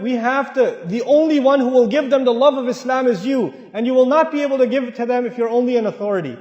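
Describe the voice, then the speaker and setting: A man with a high voice preaches a lively sermon and acts out family quarrels in other voices. His words ring around a large, echoey mosque hall with a long reverb tail. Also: muffled recording.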